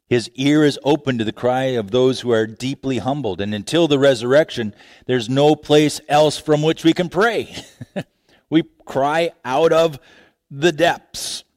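Guy preaching a sermon, slow and expressive, dips low then gets loud, dry close sound. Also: dry recording. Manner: expressive preaching with big pitch swings, repeated restarts. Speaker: pastor.

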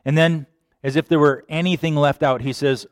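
A man preaching a sermon, animated, sometimes acting out quoted voices. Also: fairly high pitch, moderate pace, no echo, clean studio sound. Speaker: pastor.

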